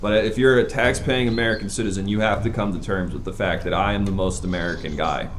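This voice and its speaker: A man playing a bumbling, self-important adventurer in a live improv comedy show, talking in a boastful, deadpan way. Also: lowish voice, quick pace, a little hiss or hum, close to an everyday voice. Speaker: comedy streamer. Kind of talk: improv comedy role-play.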